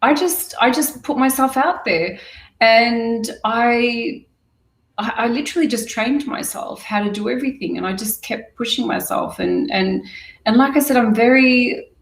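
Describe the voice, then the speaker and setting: Higher-voiced woman recounting, roomy distant sound. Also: measured pace, creaky. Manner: lively, candid, full of restarts. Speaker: podcaster guest. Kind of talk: casual interview storytelling.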